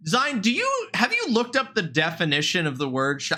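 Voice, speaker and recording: A fairly high, bright and forceful male voice, talking casually to a live stream chat on a desk mic. He jumps between playful outrage and quick banter, cursing often and addressing viewers directly. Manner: animated, mock-indignant, swears freely, talks straight to chat.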